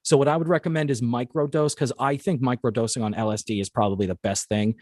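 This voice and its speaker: A man hosting a casual interview, telling stories in an animated way, acting out quotes and swearing freely. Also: mid-range voice, fast talker, no room sound, studio quality. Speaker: host.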